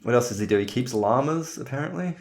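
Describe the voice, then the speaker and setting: A man's voice: mid-range voice, animated, quick pace, creaky. A young man co-hosting a podcast, chatting loosely, laughing often and trailing off mid-thought. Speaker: podcast co-host. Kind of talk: rambling casual chat.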